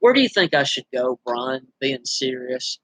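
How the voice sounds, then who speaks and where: A man's voice: mid-range voice, very animated, measured pace, a bit bright, no echo, poor audio. A man vlogging and venting his frustrations, weary and bitter, rambling with many restarts, his throat dry from screaming earlier. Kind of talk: venting straight to camera.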